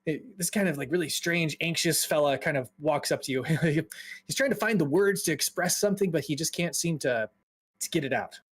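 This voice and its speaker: A man's voice: on the high side, normal speed, a bit bright, husky. A man running a tabletop game as dungeon master, narrating casually with many fillers.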